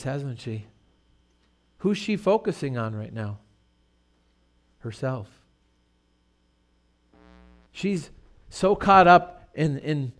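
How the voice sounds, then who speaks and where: A middle-aged male pastor preaching a sermon in a conversational, storytelling way with rhetorical questions. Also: fairly high pitch.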